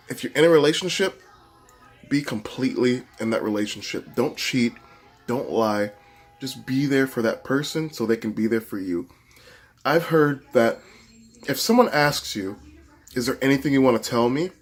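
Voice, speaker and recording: In a casual vlog chat, a man speaks at a medium pitch and moderate pace while walking from his bedroom to his kitchen. He answers relationship questions earnestly and casually, with asides and restarts.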